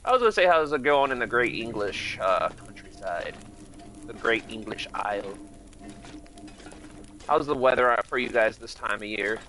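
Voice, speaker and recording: A man's voice: mid-range voice, expressive, moderate pace, pauses often, pushed and bright, a little hiss or hum. A man from Michigan chatting casually with viewers while streaming a game, rambling and greeting people by name. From Michigan, United States. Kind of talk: casual live-stream chat while playing.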